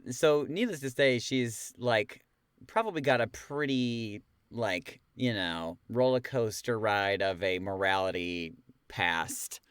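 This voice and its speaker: A man co-hosts a podcast in casual conversation, rambling with lots of filler words. His lowish voice is slow, smooth and fairly bright, recorded cleanly in a studio with no room sound.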